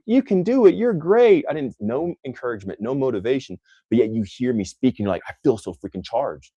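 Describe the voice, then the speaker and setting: Intense low-voiced man, dry close sound. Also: dark tone, no room sound. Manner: intense, emphatic, repeats phrases for effect; scornful toward critics. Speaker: host answering live comments. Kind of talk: motivational livestream talk.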